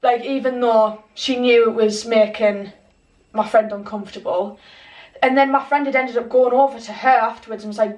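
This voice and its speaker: Young woman ranting through a night-out story, highish voice, echoey room, mic a bit far off. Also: moderate pace. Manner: animated, swears a lot, acts out quotes. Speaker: vlogger. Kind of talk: casual storytelling.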